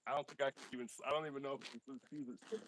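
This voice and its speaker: A man's voice: mid-range voice, fairly even intonation, racing, a bit bright, slight background noise. A man hosting a casual livestream outdoors at night, joking and poking fun at himself as he talks straight to his chat. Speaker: livestream host.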